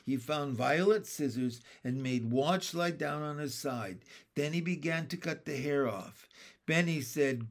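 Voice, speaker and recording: A man narrating a children's chapter book in a steady, plain read-aloud manner. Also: a little high, normal speed. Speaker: audiobook reader.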